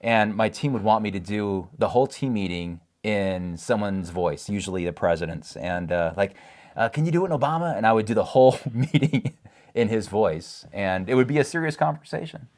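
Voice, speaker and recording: A man co-hosting a casual chat, playful and quick to laugh. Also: lowish voice, darkish tone. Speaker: co-host.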